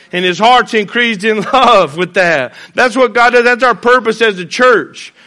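A pastor preaching a sermon in church, blunt and folksy with joking asides. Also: male voice, high voice, unhurried, few pauses, sharp tone.

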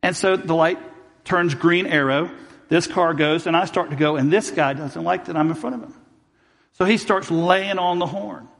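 A man's voice: fairly high pitch, moderate pace, vocal fry, fairly bright tone, big-room sound. A man preaching a sermon as pastor, telling a personal story and acting out both sides of each argument.

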